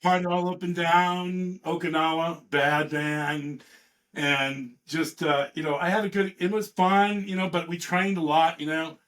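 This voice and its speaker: A man in his fifties from California, a veteran guest telling rambling, profane stories in a casual, animated way. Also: fairly high pitch, a little slow. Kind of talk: casual storytelling.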